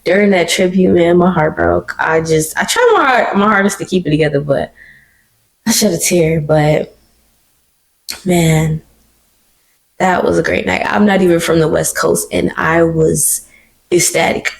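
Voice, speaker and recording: A woman hosting her own podcast, talking alone in an animated, emotional and slangy way. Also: fairly low pitch, measured pace, vocal fry, pauses often, low-quality recording. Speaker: podcast host. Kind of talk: casual solo commentary. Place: living room.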